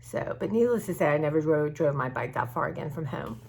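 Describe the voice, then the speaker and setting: A woman's voice: deep voice, animated, brisk, creaky, slight background noise. A woman vlogging about her art journaling, chatting to her viewers in a rambling, open-hearted way, with many restarts. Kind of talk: casual chat to viewers. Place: at home.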